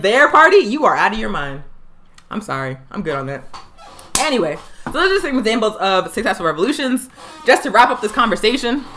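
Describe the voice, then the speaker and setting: A woman hosting a live political education show, speaking with fiery emphasis and slowing down to hammer home her points. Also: on the high side, bright, forceful tone. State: tired. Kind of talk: impassioned political commentary. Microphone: livestream.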